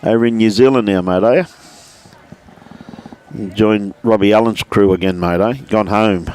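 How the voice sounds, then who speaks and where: A man calls a lawn bowls match live from outdoors at the club. His voice sits a little low, and he chats easily, greeting viewers by name between shots. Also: fairly even intonation, moderate pace, a little mellow. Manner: chatty, greets viewers by name, says "mate" often. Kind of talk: live sports commentary.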